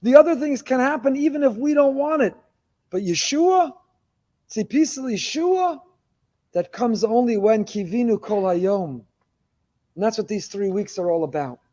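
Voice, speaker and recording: Impassioned rabbi preaching, mellow voice. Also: male voice, a little high. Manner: impassioned, repetitive rhetorical build-ups. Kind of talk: sermon.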